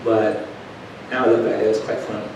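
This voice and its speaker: A man preaching a storytelling sermon in a folksy way, going from quiet asides to loud, emphatic telling. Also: lowish voice, little pitch movement, brisk, noisy background. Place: church sanctuary. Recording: echoey church room heard from a distance.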